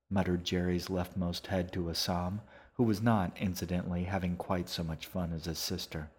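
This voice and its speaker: A man narrating an audiobook in an even, unhurried storytelling manner. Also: deep voice. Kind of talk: scripted narration.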